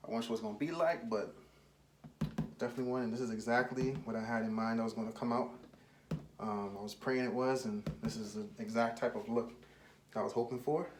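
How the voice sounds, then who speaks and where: Man, casual vlog host, slightly winded, excitable chatter, loud background noise, mid pitch. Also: a little fast. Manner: excitable, chatty, says "man" and "y'all" a lot. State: slightly out of breath. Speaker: RC car channel host.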